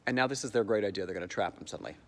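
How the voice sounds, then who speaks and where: A man giving a sarcastic comic recap of a stage musical's plot, jumping into high squeaky voices to mock the characters. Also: animated, racing, a bit bright, long reverb tail. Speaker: comedic theatre commentator.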